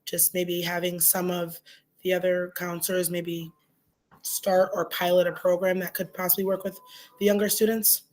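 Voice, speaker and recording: A woman's voice: fairly low pitch, little pitch movement, normal speed, a little mellow, a little hiss or hum. A woman board member tentatively raising a question at a meeting, hedging her suggestion. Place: town hall meeting room.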